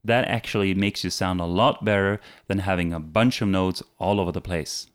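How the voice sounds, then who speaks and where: A man's voice: sits low, steady tone, normal speed. A man teaching a casual singing lesson who breaks into short sung example phrases between his explanations, with faint music playing behind him. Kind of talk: casual video vocal lesson.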